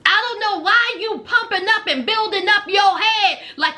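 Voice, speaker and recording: Sassy high-voiced woman recapping reality TV. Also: normal speed, hardly any pauses, pushed and bright. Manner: sassy, sarcastic, slangy asides to viewers. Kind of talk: casual reality show recap commentary.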